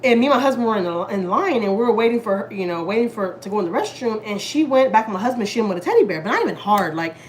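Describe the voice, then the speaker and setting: A young woman vlogger from Houston tells a long family story in a frank, profane way. She keeps slipping into what others said, voicing each line. Her voice sits at an ordinary middle pitch, and a faint hum of the room runs underneath. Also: expressive, very fast, few pauses. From Houston, Texas. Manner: profane, candid, quotes people in dialogue. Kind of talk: casual storytelling to viewers. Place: home kitchen.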